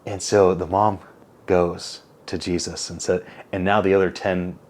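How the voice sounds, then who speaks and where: A man in his forties with a notably low voice speaks as an interview guest. He tells stories animatedly, acting out quoted lines and dropping casual tags as he goes. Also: a little slow. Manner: animated storyteller, acts out quotes, many "like" and "right?" tags. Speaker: interview guest, company CEO.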